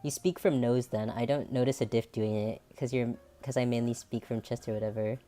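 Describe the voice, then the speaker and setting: A woman's voice: very deep voice, steady tone, brisk, dark tone, soft background music. A woman streamer with a nasal, androgynous voice, chatting casually and rambling, laughing often. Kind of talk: casual chat.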